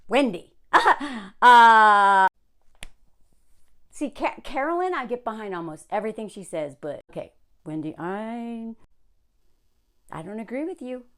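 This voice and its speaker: A woman's voice: sits high, a bit bright. A woman vlogger reads an advice column aloud and reacts in an exasperated, sarcastic way, talking straight to the writer. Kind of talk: casual commentary reading aloud.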